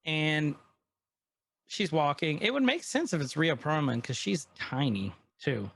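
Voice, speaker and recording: A podcast co-host with a fairly high voice, vocal fry and a breathy edge recaps an episode at a measured pace. His casual retelling is animated and full of quoted character lines, captured in a dry recording.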